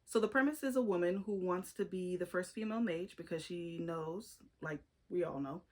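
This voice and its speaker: A woman with a fairly low voice talks through her favorite books in a loose, conversational way. She leans on emphasis and drops opinionated asides as she goes. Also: moderate pace. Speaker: book reviewer. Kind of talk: casual book review monologue.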